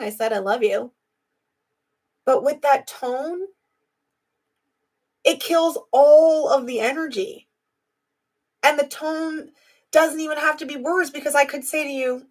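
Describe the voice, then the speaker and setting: A young adult woman hosting a live video, talking casually and reflectively to her viewers. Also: high voice. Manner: chatty, reflective, addresses viewers directly. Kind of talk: casual live-stream talk.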